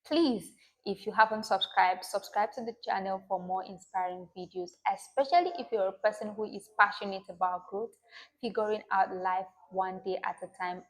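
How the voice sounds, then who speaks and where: Woman, self-help host, motivational talk to camera, encouraging tone, mid pitch. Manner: warm, encouraging, slow affirmations.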